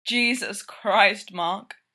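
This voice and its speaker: A woman's voice: mid-range voice, moderate pace, sharp tone, lightly acted. A woman reading a wary, guarded young man. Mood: overwhelmed. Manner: guarded, incredulous.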